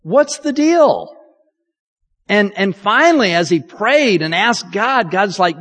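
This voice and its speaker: Pastor, male, high lively voice, chatty self-mocking sermon, long hall reverb. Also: takes it slowly. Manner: candid, self-deprecating and chatty. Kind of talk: conversational sermon.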